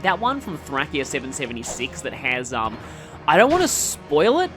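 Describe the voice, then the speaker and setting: A let's play commentator with an Australian accent talks casually over a game playthrough, rambling, drifting into tangents and correcting himself mid-sentence. His voice is slightly high and a bit bright.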